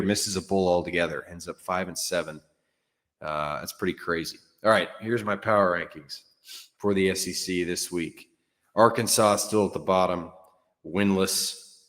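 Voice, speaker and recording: A man's voice: sits low, in a large hall. A man hosting a solo sports show, talking in a frank, offhand way with fillers and some mild cursing. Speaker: sports podcast host. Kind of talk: casual solo sports commentary.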